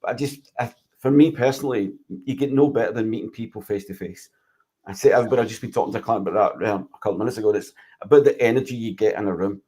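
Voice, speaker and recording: A man's voice: on the low side, quick pace, dark tone, slightly rough. A man, a business coach talking earnestly in casual podcast chat. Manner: earnest, explanatory. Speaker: mindset and leadership coach.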